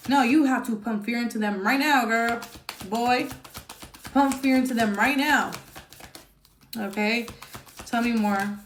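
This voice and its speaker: A woman's voice: a little high, normal speed, pauses often, echoey room, a little hiss or hum. A woman giving a casual tarot reading, talking bluntly and swearing freely, with lots of fillers and tag questions. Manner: chatty and blunt, swears freely, frequent "okay?" and "um". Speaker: tarot reader.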